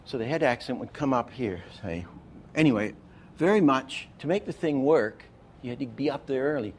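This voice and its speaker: Man, animation teacher, masterclass lecture, halting restarts, middle pitch, faint background hiss. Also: lively intonation. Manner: explains with false starts, counts frames aloud.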